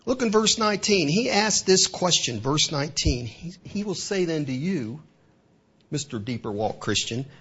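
Male preacher with a husky voice, mid-sermon, firing rhetorical questions, captured on a muffled recording. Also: on the high side, normal speed. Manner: rhetorical questions, voices the devil's taunts, lively delivery. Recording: dull lo-fi recording.

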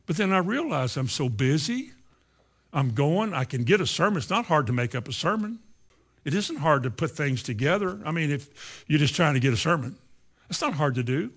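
A man preaching a sermon, moving between quiet asides and loud, emphatic lines. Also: on the high side, lively intonation, fairly quick.

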